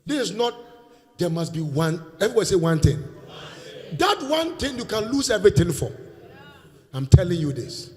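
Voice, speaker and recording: A Nigerian man preaching a sermon in a church hall, leading call-and-response and breaking into shouts. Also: high-pitched, sing-song, moderate pace, long pauses. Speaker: pastor. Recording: reverberant church hall, faint music.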